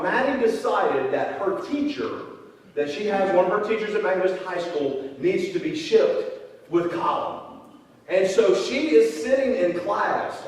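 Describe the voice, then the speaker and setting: Middle-aged man, high-pitched pastor, folksy sermon, picked up from a distance. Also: darkish tone. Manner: folksy, conversational preaching. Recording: echoey hall, distant mic.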